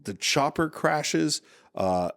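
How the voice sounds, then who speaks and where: A man's voice: a little high, expressive, slow, creaky, fairly bright tone. A man co-hosting a casual film podcast from a living room, recapping movie scenes in detail and chuckling often. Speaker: podcast co-host.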